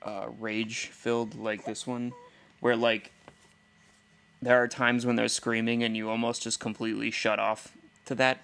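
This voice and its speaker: Candid, rambling dad talking casually. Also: male voice, mid-range voice, little pitch movement, a little slow, creaky, fairly bright tone. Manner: candid and rambling, chuckling often. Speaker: stay-at-home dad and podcast host. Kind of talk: casual personal monologue.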